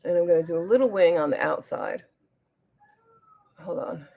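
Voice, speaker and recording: Gravelly-voiced New Jersey woman chatting. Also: fairly low pitch, moderate pace, warm tone. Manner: chatty, reads viewer comments aloud, trails off mid-sentence while applying makeup. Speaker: beauty livestream host. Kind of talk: casual livestream chat while doing makeup.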